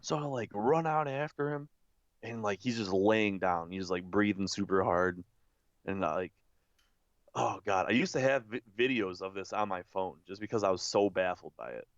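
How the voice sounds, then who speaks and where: A young man with a low, smooth voice spins a rambling story in casual podcast chat. He swears freely and leans on "like" constantly. The sound is dry and a little dull. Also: moderate pace, dry recording. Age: young adult. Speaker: podcast co-host.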